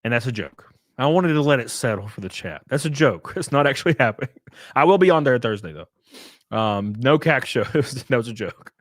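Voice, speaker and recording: A man's voice: mid-range voice, lively intonation, normal speed, no room sound, studio quality. A man live-streaming, chatting casually with his viewers, swearing, laughing and thanking them as he goes.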